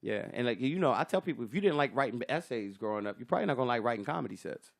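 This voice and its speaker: A man's voice: mid-range voice, animated, racing, creaky. A man, a stand-up comedian, talking in a loose, swearing podcast chat and acting out other comics' voices. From Sacramento area, California.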